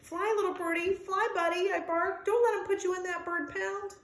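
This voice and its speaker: A woman's voice: on the high side, moderate pace, roomy sound. A woman reading as a kind young dog. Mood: urgent. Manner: lively storybook reading with sound effects. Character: friendly young male dog, anxious but kind.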